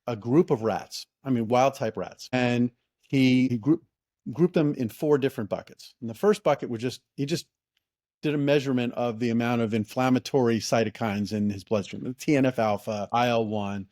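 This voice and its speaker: A middle-aged man, a company founder and podcast guest, telling stories in an enthusiastic, excitable way with many restarts and fillers. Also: mid-range voice, moderate pace, no room sound, clean studio sound. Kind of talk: casual interview storytelling.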